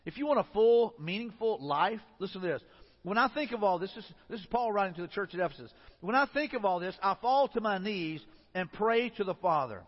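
A man's voice: high voice, expressive, brisk. A man, a pastor giving a sermon in a conversational way, often repeating and restarting his phrases. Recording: muffled sound in a reverberant hall.

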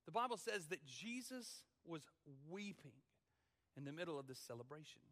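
A man's voice: on the high side, big pitch swings, a bit bright, big-room sound. A man, a student pastor, preaching a dramatic, emphatic sermon in a church. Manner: dramatic, emphatic, drawn-out phrasing.

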